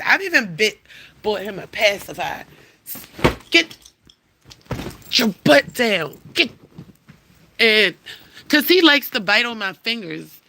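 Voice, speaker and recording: A woman's voice: medium pitch, bright, forceful tone. A woman chatting casually on a livestream, rambling, swearing freely and scolding her cat. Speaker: livestream host.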